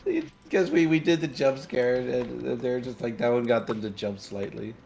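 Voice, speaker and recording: A man's voice: mid-range voice, animated, moderate pace, vocal fry. A man streaming a game live, chatting casually with friends and his chat in a playful, teasing way.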